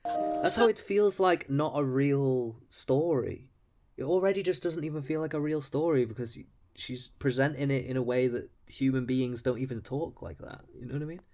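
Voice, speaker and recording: A man's voice: medium pitch, normal speed, darkish tone, a little hiss or hum. A man giving blunt, mocking, profane commentary on video clips. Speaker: commentary host.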